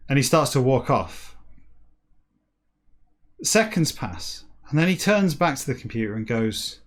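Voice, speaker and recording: A man in his forties rambles through a comic monologue as the host of his own show. He is sardonic and mock-boastful, and his voice sits at a middling pitch. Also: very animated, measured pace, pauses often. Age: 40s. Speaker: podcast host.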